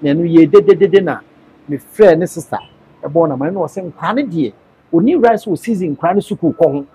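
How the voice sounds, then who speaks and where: Husky guy with a highish voice, telling his own story on tv, slow and earnest. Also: animated, mellow. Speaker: interviewee on TV.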